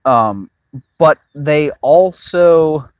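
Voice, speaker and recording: A man's voice: a little high, animated, drawn-out words, clean tone, dry recording, low-quality recording. Rambling, foul-mouthed man, dry sound. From Miami, Cuban-American. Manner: rambling, profane, laughs at own jokes. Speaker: channel host. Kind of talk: casual monologue to live chat.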